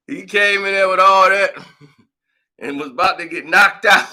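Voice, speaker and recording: A man giving casual sports commentary, telling the story in an animated way and laughing often. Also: high voice, measured pace, pauses often, low-quality recording.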